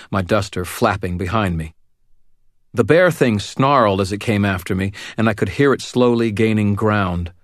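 A man with a very low voice narrates a first-person story in a measured, wry way. The sound is dry and close, with no room around it. His tone stays steady and even. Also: no room sound. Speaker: audiobook narrator.

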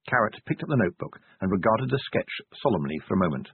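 A male audiobook narrator reading scripted narration in a wry, expressive manner. His husky voice moves widely in pitch. The recording is dry and tinny, with a narrow, phone-like band. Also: fast, few pauses, no echo.

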